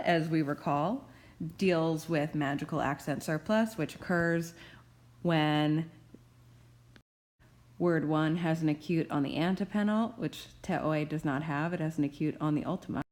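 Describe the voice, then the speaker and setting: A woman professor giving a recorded grammar tutorial, explaining rules carefully with playful asides. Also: low-pitched. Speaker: Greek professor.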